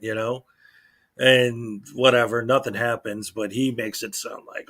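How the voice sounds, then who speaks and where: A man's voice: medium pitch, little pitch movement, measured pace, a bit bright. Rambling, indignant male commentator. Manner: rambling, indignant, many fillers and restarts; mocks others in quoted voices. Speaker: channel host. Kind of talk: casual morning commentary to viewers.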